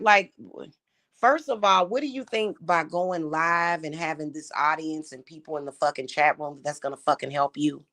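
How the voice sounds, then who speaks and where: A woman's voice: low voice, fairly bright tone. A woman delivering an angry, profane, confrontational monologue to the camera, mocking and scolding someone. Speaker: vlogger.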